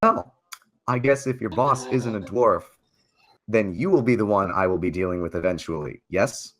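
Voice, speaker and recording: A man playing a tabletop game in character, speaking in a measured, persuasive way. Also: on the low side, animated. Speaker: player. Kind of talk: in-character tabletop role-play.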